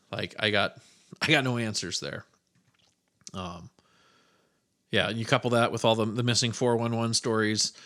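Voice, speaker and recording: The voice is lowish, pushed and bright, belonging to a man who hosts a podcast alone. Hailing from the American Midwest, he tells stories loosely and rambles, with offhand swearing.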